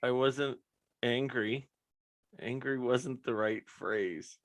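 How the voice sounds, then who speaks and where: A man's voice: medium pitch, slow. A man co-hosting a casual chat show, dry and mildly exasperated. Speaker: co-host.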